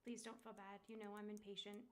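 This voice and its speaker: A woman reading the softly spoken lines of a gentle, caring young man from a game. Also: medium pitch, little pitch movement, quick pace, a little hiss or hum, natural voice. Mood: tender. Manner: softly read aloud. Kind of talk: reading game dialogue aloud.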